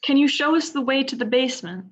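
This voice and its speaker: A woman's voice: sits high, lively intonation, fast talker, highs cut off. A woman playing in a tabletop game, chatting casually and asking curious questions. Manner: curious, questioning, laughs easily. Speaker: player. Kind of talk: casual chat.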